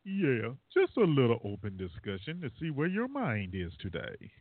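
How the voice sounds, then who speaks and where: A man's voice: medium pitch, huge pitch swings, normal speed, no room sound. Rambling talk-show host man on a phone line. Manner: rambling, laughs at his own jokes. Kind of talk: casual call-in talk show chat. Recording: dry, phone-like internet radio line.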